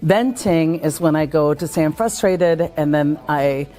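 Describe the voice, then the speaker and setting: A woman speaking about leadership at a conference, energetic and acting out the voices of the people she quotes. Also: deep voice, measured pace, faint music behind. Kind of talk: conference talk and vlog.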